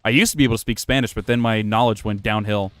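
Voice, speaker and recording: A man's voice: on the low side, fairly even intonation, rapid-fire, no room sound, clean studio sound. A man casually commenting while he plays a video game, rambling, self-mocking and swearing freely. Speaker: gaming streamer. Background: faint music playing from his computer.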